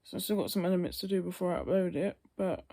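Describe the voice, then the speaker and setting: A woman's voice: lowish voice, quick pace, vocal fry, dark tone. A young woman vlogging casually to camera, sleepy and yawning, rambling and trailing off into tired mutters.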